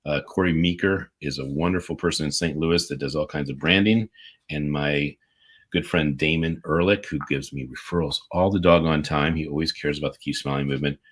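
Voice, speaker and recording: Enthusiastic male co-host with a very low voice, talking casually on a video call. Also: fairly even intonation, a little fast. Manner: enthusiastic, rambling, upbeat. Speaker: podcast co-host. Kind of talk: casual livestream chat, reading birthday shout-outs. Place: remote livestream video call.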